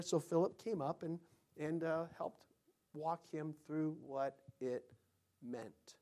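A man preaching a sermon as pastor, telling stories and acting out quotes, swinging between loud and whispered lines. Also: fairly high pitch, takes it slowly.

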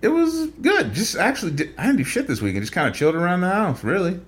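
A man's voice: sits high, big pitch swings, quick pace. A man in his thirties co-hosting a casual podcast chat, telling stories and acting out the dialogue. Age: 30s. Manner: storytelling, acts out dialogue. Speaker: podcast co-host.

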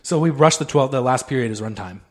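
A man's voice: mid-range voice, expressive, fast. A man co-hosting a casual podcast, rambling in an easygoing way and swearing now and then. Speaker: podcast co-host. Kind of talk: casual chat.

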